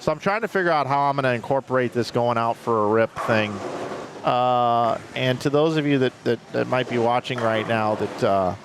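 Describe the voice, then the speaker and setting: A man's voice: medium pitch, normal speed, noisy background. A man commentating a live bowling stream, rambling through chatty stories between play calls.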